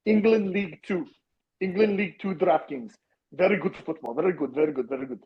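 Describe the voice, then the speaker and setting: A man's voice: sits high, muffled recording, lightly acted. A man putting on a broken-English Englishman. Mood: hammy. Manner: halting, simple broken phrases, repeats words.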